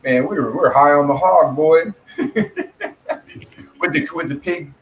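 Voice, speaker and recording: A man's voice: a little high, a little slow, a little hiss or hum, poor audio. A man telling loose stories and jokes in casual chat, swearing freely and laughing often. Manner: profane storyteller, laughs often.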